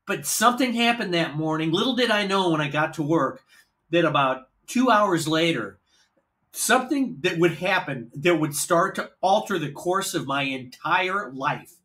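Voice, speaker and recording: A man's voice: fairly high pitch, expressive, moderate pace, a bit bright. A man from the American Midwest hosting a podcast. He tells a story in a casual, profane style and acts out the dialogue as he goes. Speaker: podcast host.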